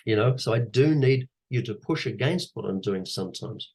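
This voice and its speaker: A man, an actor and teacher, giving coaching advice in an animated, conversational way and repeating his key phrases. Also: medium pitch, normal speed, breathy edge. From Australia. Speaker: guest speaker, actor and teacher.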